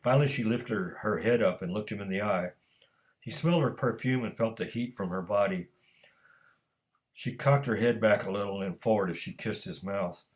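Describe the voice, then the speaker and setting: A man reading his own fiction aloud as scripted narration, measured and steady. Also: on the low side.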